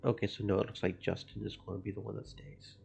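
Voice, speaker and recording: A man streaming a game, reading its narration and chatting about it in an even, gravelly voice. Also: on the low side, fast talker, faint music behind. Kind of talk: narrating a visual novel with commentary. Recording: muffled lo-fi stream audio.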